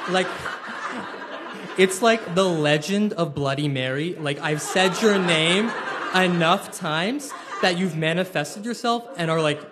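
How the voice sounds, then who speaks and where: A man's voice: sits high, noisy background. Self-mocking young man telling a story. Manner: self-deprecating, quick-witted, many fillers. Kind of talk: live personal storytelling.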